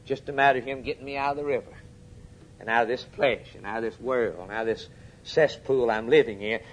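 A man preaching a sermon, swinging between urgent, raised peaks and quiet, low drops, and putting questions straight to his congregation. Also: fairly even intonation, brisk. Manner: addresses the congregation directly with questions.

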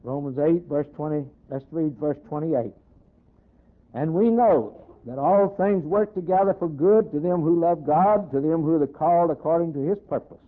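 Preacher guy, voice kinda high, goes loud then real quiet, sounds like an old phone recording. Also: moderate pace, narrow, tinny audio. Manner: preaches in waves, swelling loud then dropping to a near hush; quotes scripture in old-fashioned wording. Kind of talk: sermon.

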